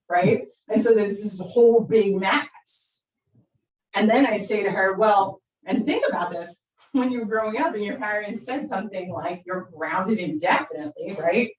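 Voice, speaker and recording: Animated woman telling stories in a roomy hall. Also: mid-range voice, moderate pace. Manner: animated, acts out quoted voices. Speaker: parenting speaker. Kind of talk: storytelling talk to an audience. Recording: roomy sound from far off the mic.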